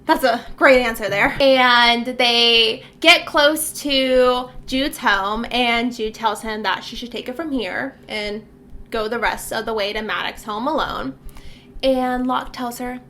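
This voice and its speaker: A high, bright-voiced woman talks through a book's plot in a relaxed chat. She recaps scene by scene and drops into quick quoted lines of the characters, with laughs between. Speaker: book podcast co-host. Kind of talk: casual book discussion.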